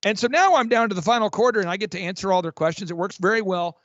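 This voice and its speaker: A man working as a business coach, talking in an energetic, emphatic way with frequent restarts on a podcast. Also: high-pitched, racing, dry recording, muffled recording. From Oklahoma. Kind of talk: fast promotional podcast talk.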